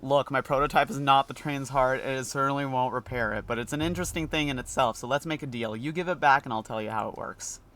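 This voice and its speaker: A man's voice: mid-range voice, fast talker, hardly any pauses, fairly bright tone. Playful man streaming a game. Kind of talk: let's play commentary.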